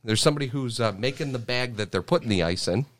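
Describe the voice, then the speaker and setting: Young man, podcast guest, rambling explainer, mid-low voice. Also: expressive, fast talker, a bit bright. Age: young adult. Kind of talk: casual podcast chat.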